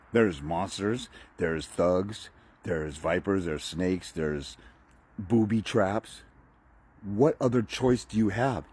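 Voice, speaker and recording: A man's voice: on the low side, dark tone, slight background noise. A man ranting bluntly and profanely to camera as a fathers' rights advocate, mocking and preachy. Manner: preachy, uses film analogies. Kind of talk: motivational rant to camera.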